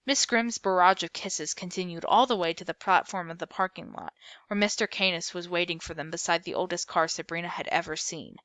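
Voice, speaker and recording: Woman narrator, low-ish bright voice, dry close recording, steady read-aloud. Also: a little fast, no echo. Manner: steady read-aloud with small slips and self-corrections. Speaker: storyteller. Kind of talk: reading a novel aloud.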